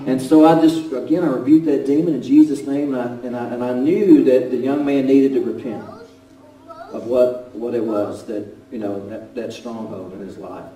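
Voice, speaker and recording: A man preaching a sermon as pastor, swinging between loud exclamations and hushed storytelling. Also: medium pitch, moderate pace. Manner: animated, rising to shouts then dropping to hushed storytelling. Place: church sanctuary. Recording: roomy church sound from a distance.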